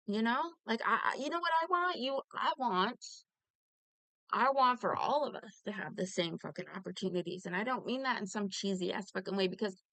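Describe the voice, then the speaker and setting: This woman speaks a little fast in a medium-pitched, fairly bright voice with lively intonation, recorded dry. She's heatedly ranting to camera at a fellow commentator, wandering off topic, swearing, and saying "like" constantly.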